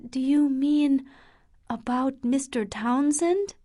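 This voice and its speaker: A quiet, obedient young woman, as a female narrator reads her. Her voice lifts higher than the narration, gentle and pleading, and she speaks very slowly. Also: expressive. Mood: earnest.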